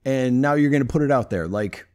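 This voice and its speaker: A man's voice: medium pitch, expressive, brisk, darkish tone. A man hosting a podcast, asking a guest loose, searching questions in a casual interview. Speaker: podcast host.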